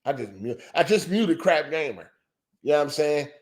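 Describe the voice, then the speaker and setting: A man with a high-pitched voice rants on a gaming podcast, exasperated and incredulous. He swears freely, repeats his catchphrases and keeps circling back to the same point. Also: expressive, moderate pace. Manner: heated, profane and repetitive, full of "you know what I'm saying". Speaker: podcast host. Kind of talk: ranting gaming podcast monologue.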